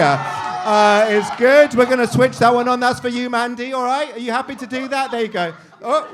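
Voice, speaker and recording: Brash high-voiced comedy host. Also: male voice, fairly bright tone. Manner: brash, crude, teasing and quick-witted. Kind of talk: crowd-work stand-up banter. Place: live comedy venue.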